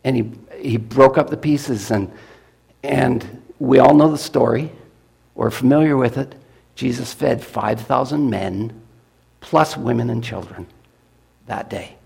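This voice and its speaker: A man preaching to his congregation, telling a story in a folksy, animated manner. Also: medium pitch, a little slow, creaky, slightly rough. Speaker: pastor. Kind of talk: storytelling sermon.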